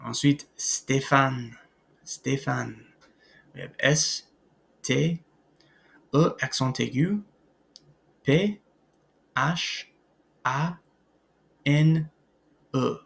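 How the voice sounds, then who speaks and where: A man's voice: medium pitch, drawn-out words, creaky, pauses often, fairly bright tone. A man teaching a recorded French language lesson, hesitant with many ums and uhs, spelling out words letter by letter.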